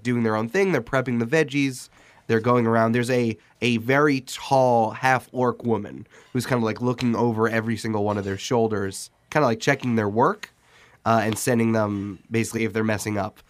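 A man serves as game master narrating a tabletop game, sounding relaxed and hesitant and using lots of fillers. His pitch is medium and his speed normal.

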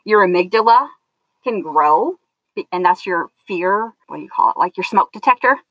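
Earnest woman guest, low voice, explains at length, dull dry recording. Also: lively intonation, normal speed, no echo. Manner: earnest, explanatory, loops back mid-thought. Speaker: guest sharing her story. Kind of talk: conversational interview. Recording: dull lo-fi sound.

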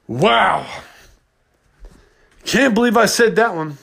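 Male podcast host, high and gravelly, rambling and upset, unscripted monologue. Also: expressive, a little slow, a bit bright.

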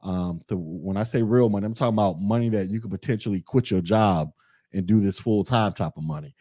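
A young man hosting a podcast, talking through his views in a relaxed, conversational way and reading chat comments aloud. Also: on the low side, brisk, no echo, studio quality. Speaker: podcast host. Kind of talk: casual commentary monologue.

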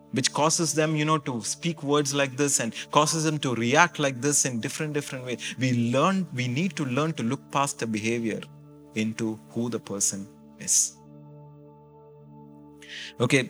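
A man's voice: fairly high pitch, fairly bright tone. A man preaching a sermon as pastor, in a conversational way that keeps checking in with his listeners.

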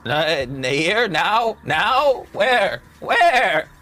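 A man voicing a simple, food-obsessed goat that answers in short, slow, dim-witted phrases. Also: sits high, sing-song, bright, forceful tone, voice pushed up, heavily acted. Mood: nervous. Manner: curt few-word answers, slow and dim.

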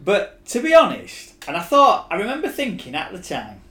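A man's voice: sits high, wildly swooping pitch, normal speed, bright, forceful tone. A man, co-hosting a casual chat and giving wry, opinionated takes. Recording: echoey room.

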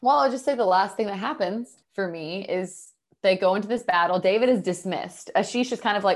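A woman's voice: medium pitch, fairly quick. A woman co-hosting a podcast, chatting casually and retelling a story with quoted asides. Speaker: podcast co-host. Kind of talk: casual chat.

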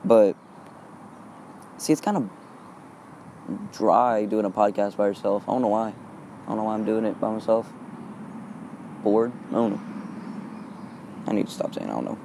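Recorded outside in the wind with background noise, a Texas teen hesitantly rambles on his own podcast, leaning heavily on repeated fillers. His fairly low, gravelly voice is animated, moving at a moderate pace with frequent pauses.

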